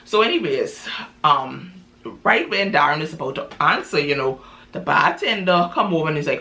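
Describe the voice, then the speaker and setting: A woman's voice: deep voice, animated, moderate pace, bright, forceful tone. Lady spinning a yarn, voice bouncing all over, lots of you know and right. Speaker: storyteller. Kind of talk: casual oral storytelling.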